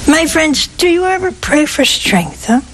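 A woman's voice: high voice, big pitch swings, a little slow, a little hiss or hum, low-quality recording. A woman giving a sermon, telling stories with humor and asking her listeners rhetorical questions. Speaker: preacher.

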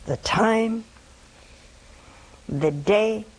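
A woman's voice: medium pitch, very slow, husky, low-quality recording. A woman in her seventies giving a reflective sermon, dropping to a whisper at times. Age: 70s. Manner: reflective, drops to a whisper for quoted words. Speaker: preacher.

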